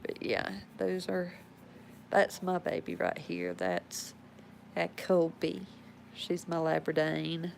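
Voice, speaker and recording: A woman's voice: sits low, expressive, takes it slowly, vocal fry, a little mellow, slight background noise, rough recording. A woman, rambling casually about her pets at home and talking to them as she goes. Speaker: pet owner showing her animals. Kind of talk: casual home video chat.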